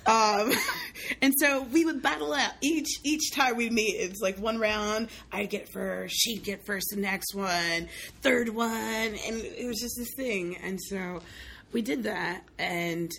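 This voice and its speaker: A woman's voice: mid-range voice, measured pace, vocal fry, a little hiss or hum. A young woman from the Southern United States, a guest telling stories in casual conversation and acting out the voices of the people in them. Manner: animated storyteller, acts out quoted voices, laughs often. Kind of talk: casual chat.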